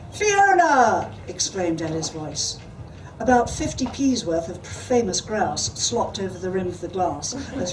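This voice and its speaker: A woman author reading her fiction aloud and answering a question at a panel event. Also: medium pitch. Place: event hall. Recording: distant mic with background noise.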